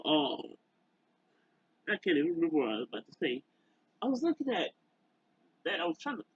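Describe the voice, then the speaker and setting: A man with a slightly raised, husky voice rants casually to camera, trailing off and starting over again and again. His pitch leaps around as he talks. The recording is dry and a bit dull, like a cheap home mic. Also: fairly bright tone, no room sound. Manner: rambling, halting, many fillers and restarts. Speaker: YouTuber.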